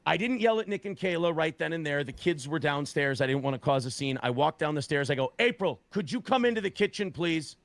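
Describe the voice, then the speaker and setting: Man, interview guest, animated storytelling, profane, lively pitch, gravelly, dry sound. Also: fairly quick, hardly any pauses, no echo. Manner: profane, animated retelling with voiced quotes.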